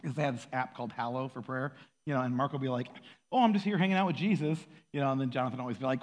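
A man giving a casual, animated sermon, acting out quoted voices and laughing often. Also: medium pitch, rapid-fire, big-room sound. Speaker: pastor.

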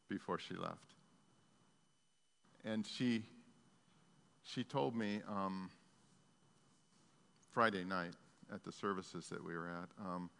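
Pastor guy preaching, earnest and halting, bit of vocal fry, long church echo. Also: lowish voice, sharp tone. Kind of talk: sermon storytelling. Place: church sanctuary. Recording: long hall reverb.

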